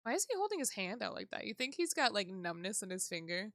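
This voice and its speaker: A woman's voice: medium pitch, sing-song, quick pace, fairly bright tone, slight background noise. A woman streamer chatting casually while playing a game, giggly and profane, with self-mocking asides.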